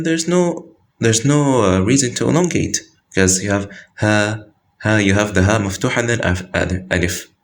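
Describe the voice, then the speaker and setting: Deep-voiced man teaching recitation rules. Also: slight background noise. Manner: explains patiently with repeated examples and self-corrections. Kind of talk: casual explanatory lesson.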